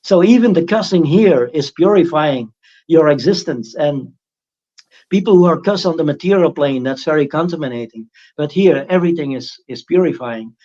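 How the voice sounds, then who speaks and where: A man's voice: a little high, lively intonation, normal speed, mellow, dull audio. Man giving a rambling spiritual talk. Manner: rambling, frequent restarts, mocking impressions of critics. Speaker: spiritual teacher. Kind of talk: informal spiritual talk on a livestream.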